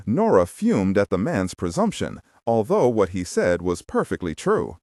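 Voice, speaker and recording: A male audiobook narrator with a lowish voice who swings his pitch widely as he reads a thriller. The recording is close and dry, with no room sound. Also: wildly swooping pitch, moderate pace, few pauses, darkish tone, dry recording. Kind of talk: scripted narration.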